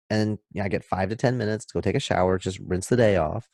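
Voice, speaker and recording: A man speaking as a podcast guest, explaining in an emphatic, animated way and acting out little scenes. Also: lowish voice, quick pace, gravelly, no room sound, clean studio sound. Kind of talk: casual podcast talk, explaining.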